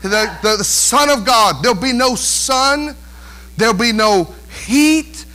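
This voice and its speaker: Male pastor, high voice, preaching a lively sermon, often drops into mocking whiny impressions. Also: slow. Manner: animated preaching, mimics whiny voices, calls for amens.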